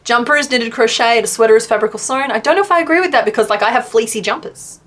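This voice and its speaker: A woman's voice: on the high side, fast. A young adult woman with a Western Australian accent, chatting casually and self-deprecatingly with her viewers while she crochets, often laughing. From southwest Western Australia. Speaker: crochet streamer reading chat. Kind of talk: casual live-stream chat while crocheting.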